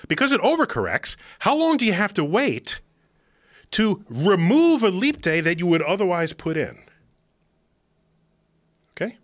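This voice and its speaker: A man explaining something to a podcast host in an emphatic, excitable lecturing manner. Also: high voice, a little slow, long pauses, no room sound, studio quality. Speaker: podcast guest. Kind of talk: animated explanation in conversation. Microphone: studio podcast microphone.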